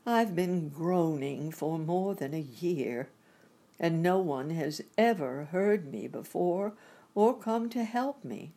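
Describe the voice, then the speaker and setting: A woman voicing a polite, sad man made of tin in a storybook reading, speaking slowly and politely. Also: on the low side, animated, warm tone, full character voice. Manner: slow, polite and sorrowful.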